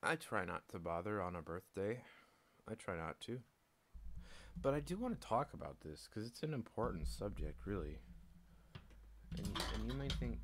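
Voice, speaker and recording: In a very noisy recording, a man with a low voice rants on a solo stream at a moderate pace, animated but pausing often. His talk is blunt, casual, and laced with swearing and laughter, and he acts out both sides of conversations.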